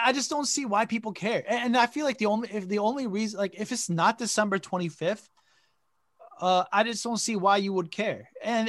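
Rambling young man, high voice. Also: a bit bright, dry recording, studio quality. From Connecticut, USA. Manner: rambling, lots of "like" fillers, swears freely. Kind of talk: casual chat.

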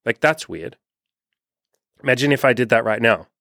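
A man's voice: medium pitch, animated, normal speed, vocal fry, fairly bright tone, no echo, studio quality. A young man coaching on dating in a loose, unscripted monologue, cursing freely and acting out what people say. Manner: loose and unscripted, swears freely, acts out quoted voices. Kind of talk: casual podcast monologue.

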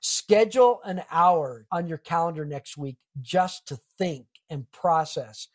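A man's voice: fairly high pitch, lively intonation, a little slow. A middle-aged man, a pastor and author, talking earnestly and reflectively in an interview, with a touch of humor. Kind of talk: conversational interview.

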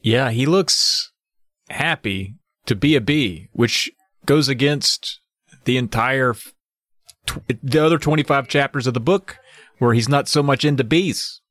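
A man's voice: mid-range voice, a little slow, fairly bright tone, no room sound. Playful male podcast co-host, dry sound. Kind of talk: casual chat.

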